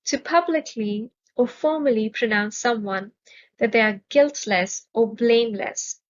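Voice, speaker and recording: A woman teaching English vocabulary in a measured, clearly enunciated way, stressing each syllable. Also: fairly high pitch, muffled recording. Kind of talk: slow, careful vocabulary lesson.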